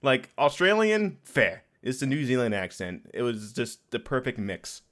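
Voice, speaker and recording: A man's voice: mid-range voice, very animated, a little slow, a bit bright. A man hosting a podcast, interviewing in a playful, joking way. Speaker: podcast host.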